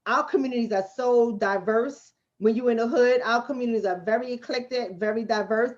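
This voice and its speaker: Brisk and a little high-voiced, this Bronx woman runs a casual livestream, firing back at her chat in a blunt, street-smart way and hammering points home by repeating them. She works as a relationship coach, and the audio has its highs cut off.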